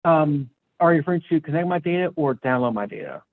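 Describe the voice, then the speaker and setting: A man's voice: fairly high pitch, lively intonation, fast talker. A man testifying as an expert witness over a remote call, hesitant and full of fillers, his voice muffled. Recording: tinny muffled phone-like line.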